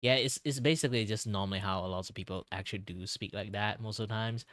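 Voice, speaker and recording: Low-voiced, rambly Malaysian guy chatting. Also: quick pace, a bit bright, no echo, studio quality. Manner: rambling, many "like" fillers and repeated words. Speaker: streamer, artist. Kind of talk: casual stream chat.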